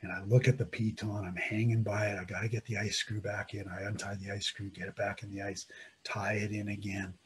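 Intense low-voiced man telling a survival story. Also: flat delivery, fast, hardly any pauses. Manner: vivid, intense, swings between loud emphasis and hushed tones. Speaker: mountaineer telling his story. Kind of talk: dramatic first-person storytelling.

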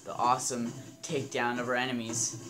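A young man casually commenting on his game, excitable and swearing, talking to his in-game companions. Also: medium pitch, fairly quick. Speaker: gameplay commentator. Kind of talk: casual let's-play commentary. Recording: game music loud behind voice.

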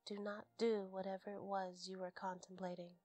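A woman in whispered role-play, voicing a stern, terse ancient male fae lord who speaks low and clipped. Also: little pitch movement, moderate pace, a little mellow, no room sound, soft background music, close to an everyday voice. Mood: menacing.

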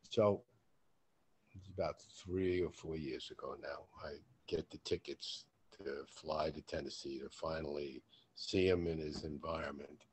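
A man's voice: rumbling low, unhurried, husky. A man hosting a podcast, telling a story with lots of swearing and acting out both sides of the conversation. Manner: animated, acts out quoted dialogue in a raised voice; swears casually. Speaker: podcast host.

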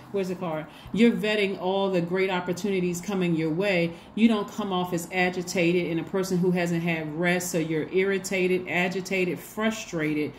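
A woman's voice: lowish voice, slight background noise. A woman giving a casual tarot reading to her viewers, chatty and repetitive, often acting out little bits of dialogue. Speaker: tarot reader.

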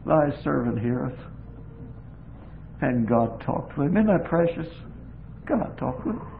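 A man's voice: fairly high pitch, big pitch swings, normal speed, gravelly. A man preaching a folksy sermon, telling homespun stories with repetitive emphasis, on a phone-like lo-fi recording with faint hiss.

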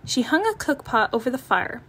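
A woman reading a children's picture book aloud, gentle and expressive as she tells the story. Her voice sits a bit high. She paces the story warmly for young listeners. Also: a little fast, slightly rough.

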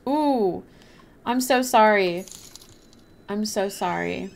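A woman's voice: mid-range voice, slow pace, creaky. A young woman livestreaming a game, chatting casually and apologetically while reading and thanking her chat. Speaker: livestreaming gamer.

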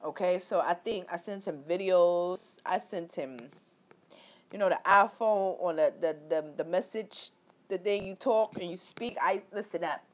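A woman vlogging a candid personal story, animated and profane, leaping into high exclaimed quotes and talking straight to her viewers. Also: measured pace. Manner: repetitive filler-heavy talk addressing viewers directly.

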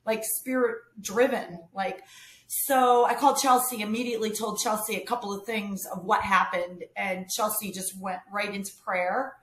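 Animated woman telling a story, roomy sound. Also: mid-range voice, normal speed. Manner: animated, quotes herself and others. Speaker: guest telling a family story. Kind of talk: casual storytelling. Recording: roomy echo.

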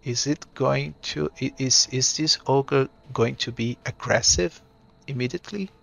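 Male solo game master, hesitant, bright and gravelly voice. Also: medium pitch, measured pace. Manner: thinks aloud, hesitant. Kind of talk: solo tabletop narration.

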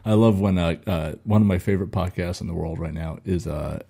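A man co-hosting a podcast in casual chat, an animated storyteller who laughs often and fills with "uh" and "like". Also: deep voice, brisk, gravelly, husky. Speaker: podcast co-host.

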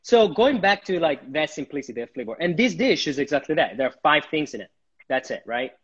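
A husky, fairly high-voiced man talks animatedly as a guest chef on a live cooking stream. He often repeats his words as he goes. The audio is dull and lo-fi. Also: very animated, a little fast. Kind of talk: live cooking demo chat. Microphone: livestream.

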